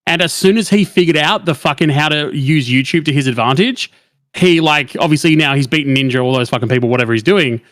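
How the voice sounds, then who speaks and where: A man laying out his opinions in casual chat, swearing constantly as he argues his point. His voice is a touch high for a man, and it is recorded dry and close, with no room sound. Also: fast, fairly bright tone, no echo. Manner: opinionated, argumentative, heavy swearing.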